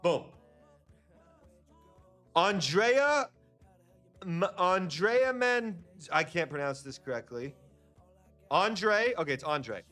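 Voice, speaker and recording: A man chatting upbeat on a trading livestream, hyping up his viewers. His voice is smooth and clear and sits a little high. Soft music plays in the background. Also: animated, measured pace. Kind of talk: casual livestream chat.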